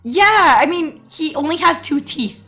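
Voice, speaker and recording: A high-pitched young-sounding woman chats with her stream audience. Her voice swoops up and down as she tells animated stories and breaks into frequent giggles. Soft music plays faintly behind her. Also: measured pace. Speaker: VTuber streamer. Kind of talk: casual livestream chat.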